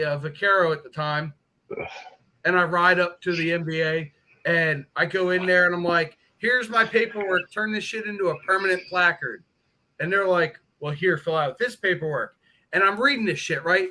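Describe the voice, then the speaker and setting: A man's voice: high voice, sharp tone. A man hosting a casual live stream, telling profane, joking stories and laughing often. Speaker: host of a live motorcycle stream.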